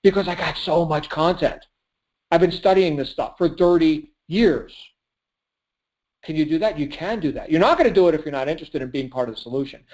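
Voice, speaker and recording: A man's voice: a little high, fairly quick, a little mellow, low-quality recording. A man giving an emphatic motivational pep talk as a business coach on a group call, laughing at his own points.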